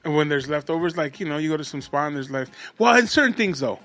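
A man with a fairly high voice chatting easily on a podcast, using slang and teasing his friends. Faint music sits underneath. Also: animated, fast talker, a bit bright. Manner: easygoing, slangy, playful. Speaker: podcast co-host. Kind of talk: casual chat.

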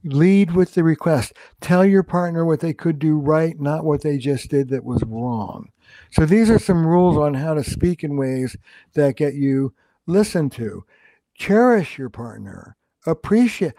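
A man's voice: on the high side, a little slow, no room sound. An older man, a relationship counselor, talking through advice in an interview and acting out the lines he quotes. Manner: animated storyteller who acts out quoted dialogue. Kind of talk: conversational podcast interview.

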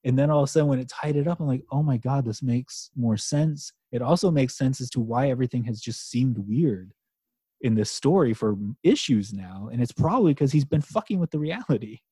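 A man with a mellow, slightly husky voice talks comics on a podcast, restarting sentences and swearing as he gets excited. The sound is close and dry, with no room around him. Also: mid-range voice, brisk, dry recording. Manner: animated, swearing, trailing restarts. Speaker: podcast co-host. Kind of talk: casual chat about comics.

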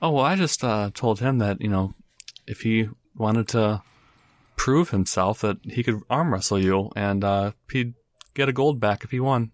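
A man's voice: fairly low pitch, measured pace, dry recording, studio quality, close to an everyday voice. A man voicing a playful young barmaid in a tabletop game, with a chirpy, teasing manner.

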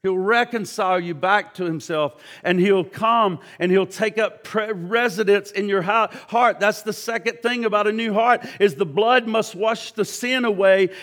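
A male pastor preaching a sermon in a church, swinging from loud, fervent peaks to hushed, earnest prayer and often repeating his words. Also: high-pitched, moderate pace, few pauses, long reverb tail.

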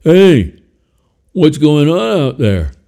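A man's voice: low-pitched, animated, unhurried, darkish tone. A man voicing a wry, shaggy green male yeti puppet in a spoken story, his voice a bit muffled. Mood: wary.

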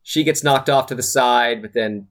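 A man's voice: medium pitch, normal speed, a bit bright. A man giving a rambling, exasperated and profane recap of a movie in casual chat.

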